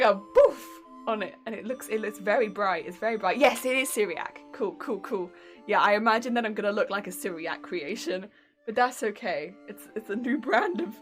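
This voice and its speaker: A young woman with a British accent streams from home and chats with her viewers. Her voice sits a little high, and she talks in a giggly, rambling way. Faint music plays softly under her. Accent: British English. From England. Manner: giggly and chatty, reacting to chat. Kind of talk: casual live-stream chat.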